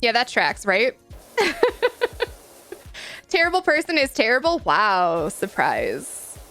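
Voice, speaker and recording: Woman streamer, playful and frank, lively high voice, talks to chat like friends. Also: takes it slowly, soft background music. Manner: frank, playful, laughs often; chatty, talks to viewers as friends. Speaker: livestreamer reading chat. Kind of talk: casual gaming stream chat.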